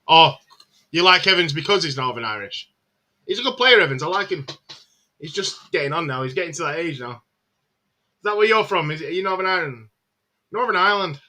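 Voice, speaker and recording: A man with a very bright, forceful voice, pitched a little high, hosting a live match watchalong. He chats casually, calls the action and answers viewers' comments with plenty of filler words. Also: animated, a little fast, long pauses. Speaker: live-stream host.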